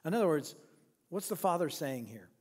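A man's voice: on the high side, big pitch swings, brisk, breathy edge, long reverb tail. A pastor preaching a sermon in a church. He retells a parable, poses rhetorical questions and often restarts his sentences. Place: church sanctuary.

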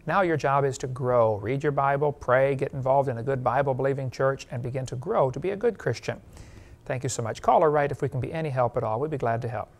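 A man's voice: medium pitch, fast talker. A man preaching a sermon in a folksy, joking way, then giving a plain gospel appeal. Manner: folksy storytelling, laughs at his own jokes. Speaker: evangelist preacher. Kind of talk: sermon with jokes and altar call.

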